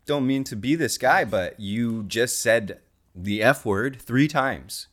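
A man co-hosting an improvised comedy podcast, delivering wry deadpan punchlines. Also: mid-range voice, takes it slowly. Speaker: podcast co-host.

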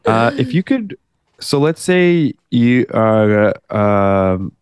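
Man, comedy podcast co-host, goofy deadpan jokes, lowish voice, dry close sound. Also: very slow, clear, resonant tone, no room sound. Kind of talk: casual comedy banter.

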